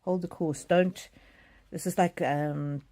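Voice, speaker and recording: A middle-aged woman reads oracle cards live, her voice pitched a little low and mellow. She speaks gently and haltingly, with plenty of pauses, ums and repeated phrases as she searches for the message. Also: fairly even intonation. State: choked up with emotion. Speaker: psychic card reader. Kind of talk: live oracle card reading.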